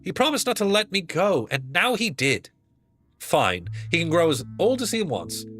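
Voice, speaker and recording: A man voicing a clingy, stubborn little girl in an English accent, high and pleading. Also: very animated, moderate pace, a bit bright, soft background music. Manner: high childish pleading, insistent.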